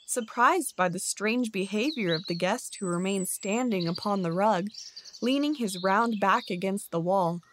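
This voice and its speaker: A woman narrating a bedtime story in a slow, soothing way. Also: mid-range voice, background noise.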